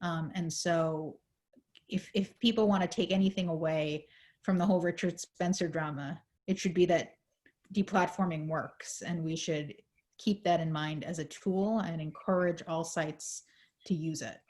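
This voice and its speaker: A woman on a video call explaining a legal case in a panel talk, measured, with many fillers, her voice going hoarse. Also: lowish voice, steady tone, darkish tone. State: losing her voice. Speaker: legal advocate in a panel discussion.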